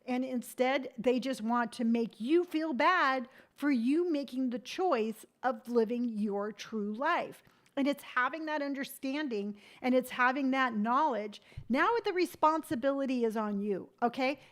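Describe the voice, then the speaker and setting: Addressing her livestream audience head-on, a woman in her fifties gives a motivational talk in a fairly high, measured voice. She's animated and sincere, mimicking others as she acts out their comments, and her encouragement carries a stern, tough-love edge.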